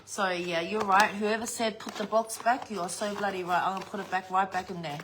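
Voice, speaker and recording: A woman's voice: mid-range voice, steady tone, fairly quick, fairly bright tone, a little hiss or hum. Chatty New woman vlogging. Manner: chatty, swears freely, laughs often. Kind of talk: casual unboxing chat.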